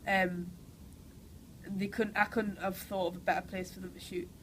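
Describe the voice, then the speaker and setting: A woman's voice: medium pitch, level tone, moderate pace, slight background noise, poor audio. A young woman with a Geordie accent, who has a cold, chatting enthusiastically as an actress in an interview, full of "like" and "you know". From Newcastle, England. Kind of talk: casual interview answers.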